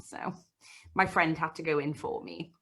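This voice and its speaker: A woman's voice: low voice, moderate pace. A young woman, a podcast co-host, telling a story in casual chat and acting out the voices she quotes. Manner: animated, acts out quoted voices. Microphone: home mic, live streamed call.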